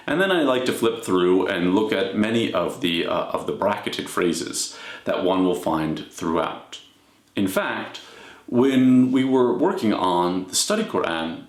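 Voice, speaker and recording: A man delivering a scholarly lecture in a measured, explanatory way, often pausing to check in with his listeners. His voice sits fairly low. The room gives it a noticeable echo. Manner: measured explanatory delivery with frequent "all right?". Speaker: scholar of religion. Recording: echoey room.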